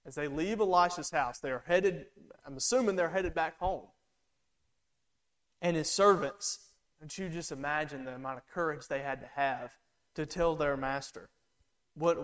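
A man preaching a sermon in a conversational way, acting out the lines of the people in the story. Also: a little high. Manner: conversational, acts out quoted lines.

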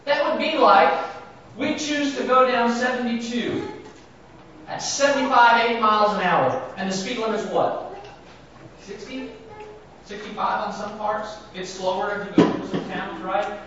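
A man's voice: high-pitched, fairly even intonation, normal speed, a bit bright, slight background noise. A man preaching a sermon who keeps asking his congregation rhetorical questions and acts out the words of scripture with rising emphasis. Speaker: pastor. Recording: very echoey, distant, dull sound.

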